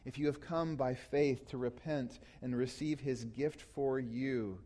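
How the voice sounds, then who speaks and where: A man preaching a sermon as pastor, teaching closely from scripture, rising to loud emphatic peaks and falling back to quiet, low passages. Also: fairly even intonation, measured pace. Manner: teaching tone, explains grammar of scripture.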